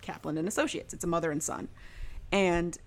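A young woman talks through a show's plot in an easy, rambling way, leaning on "like" and laughing now and then. Her voice sits a little lower than most women's. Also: brisk. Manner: chatty, heavy use of "like", frequent laughs. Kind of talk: casual recap of a TV show.

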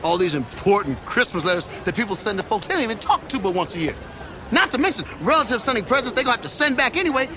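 An actor playing a frazzled, griping postal worker in a film clip, chatty and loud. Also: male voice, high-pitched, sing-song, fast talker. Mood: ranting. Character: frazzled ranting male postal worker, middle-aged. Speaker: film character in a played clip. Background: crowd outdoors.

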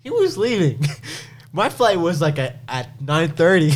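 A man's voice: a little high, a little slow, slight background noise. A young man co-hosting a podcast, telling stories in casual chat, laughing often and swearing freely. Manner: laughing storyteller, swearing, animated impressions. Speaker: podcast co-host.

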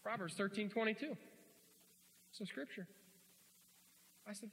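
A man preaching a sermon in a folksy, joking way, swinging from quiet asides to loud shouts, in a church. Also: high voice, a little slow. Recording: hall reverb.

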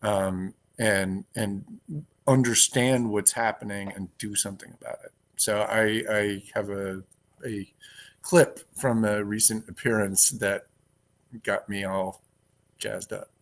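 A man co-hosting a casual political podcast, talking bluntly and profanely with dark humor. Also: fairly low pitch, flat delivery, slow. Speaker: podcast co-host.

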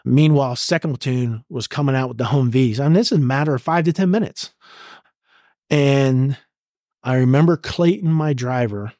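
Blunt, profane middle-aged army veteran. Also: male voice, mid-range voice, normal speed, dry recording, studio quality. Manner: blunt, profane and vivid, acting out shouted orders. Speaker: guest, retired army command sergeant major. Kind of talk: intense war storytelling in a podcast interview.

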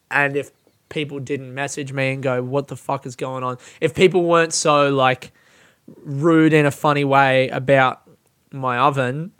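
A man hosting a solo podcast, ranting with lots of swearing and self-mockery, swinging from low mumbles to loud yelling. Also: clear, resonant tone. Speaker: podcast host.

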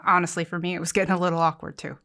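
Quick, sarcastic woman cohost. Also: lowish voice, flat delivery, fairly bright tone. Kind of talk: improv comedy chat.

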